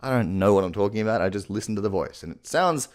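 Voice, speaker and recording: Low-voiced man teaching cartoon voices, crude and rambling, pitch jumping all over. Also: animated, fast talker. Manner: crude, rambling, self-mocking. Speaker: voice impression tutor. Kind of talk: casual tutorial. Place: home room at night.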